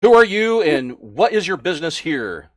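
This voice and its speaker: A man voicing a gruff, bullying male orc camp guard who barks loud, scornful insults. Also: on the high side, very animated, normal speed, no echo, clean studio sound, voice pushed up. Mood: barking.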